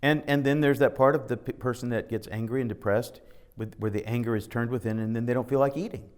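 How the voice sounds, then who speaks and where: Speaking fast with a medium pitch, fairly even intonation, and a clean tone, a man offers an informal spiritual talk as a teacher. He reads scripture aloud at times while telling stories conversationally and acting out the lines.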